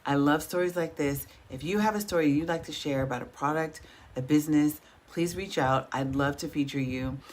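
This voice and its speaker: A woman's voice: deep voice, brisk, a little hiss or hum. A woman host giving an upbeat, scripted sign-off for her show.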